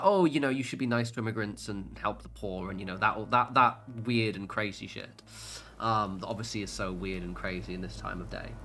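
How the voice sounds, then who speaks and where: A British man chats loosely on a gaming livestream, his voice bright and forward. He wanders through his points with plenty of ums, false starts and casual swearing, over a faint hum of background noise. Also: mid-range voice. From United Kingdom. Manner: rambling, sweary, many fillers and restarts.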